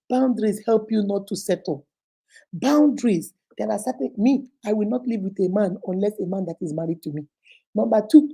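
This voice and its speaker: Husky, gravelly Nigerian woman preaching. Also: medium pitch, dark tone. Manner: emphatic and repetitive, preachy. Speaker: motivational speaker and host. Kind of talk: motivational advice talk.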